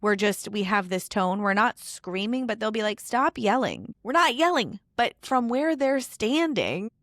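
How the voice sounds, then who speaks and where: A woman's voice: medium pitch, moderate pace, a bit bright, dry recording, studio quality. A woman in her thirties hosting a podcast interview, talking in a chatty, casual way with many fillers. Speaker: podcast host.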